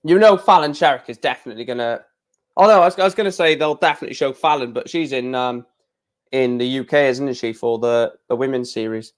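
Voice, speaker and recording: A man hosting a casual darts watch-along stream, chatting to viewers between louder score calls. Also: medium pitch, brisk. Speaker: live-stream host.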